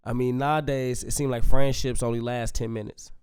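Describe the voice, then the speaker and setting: A man's voice: mid-range voice, steady tone, fairly quick, a little mellow, clean tone, no echo. A man in his thirties with a mid-range voice, recorded close and dry. He talks in an easygoing, teasing way, spinning memories for his co-host. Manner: teasing, laid-back storytelling. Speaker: podcast co-host. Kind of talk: casual chat.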